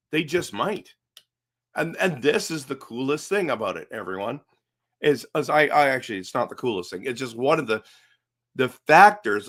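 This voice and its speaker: Chatty middle-aged man, rhetorical questions. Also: on the high side. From Canada. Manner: animated, conversational, rambling with restarts and rhetorical questions. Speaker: hockey fan commentator. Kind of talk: casual solo live-stream commentary.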